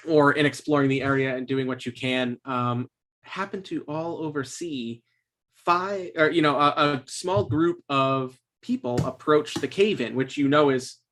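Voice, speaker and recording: A man runs a tabletop game on a stream and recaps the story so far. He talks in a loose, meandering way at an ordinary pitch, pausing to hunt for words and laughing now and then. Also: fairly bright tone. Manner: rambling, searching for words, laughing often. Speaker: game master. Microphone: streaming microphone.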